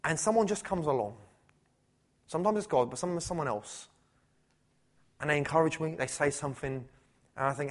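A man's voice: on the high side, brisk, pauses often. A man preaching a sermon at a church service, talking conversationally and asking rhetorical questions. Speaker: pastor.

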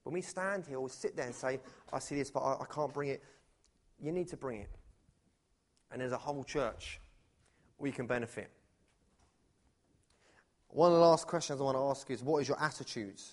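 A man preaching to his church in a lively, conversational way, moving from loud calls to hushed questions. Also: mid-range voice, moderate pace, long pauses. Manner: animated and conversational, swinging from loud to hushed, with many rhetorical questions. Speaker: pastor. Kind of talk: sermon. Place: church, before a live congregation.

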